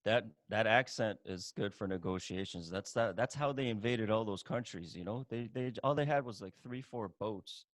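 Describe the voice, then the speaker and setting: A man's voice: lowish voice, moderate pace, few pauses, no room sound. A man from Iran, a guest on a podcast, bantering with jokes and mock indignation in casual chat.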